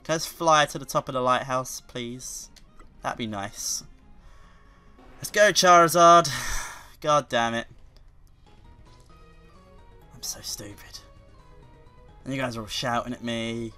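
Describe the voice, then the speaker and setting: A man doing video game commentary, excitable and quick to curse, with sudden loud outbursts. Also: mid-range voice, soft background music. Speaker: let's play commentator.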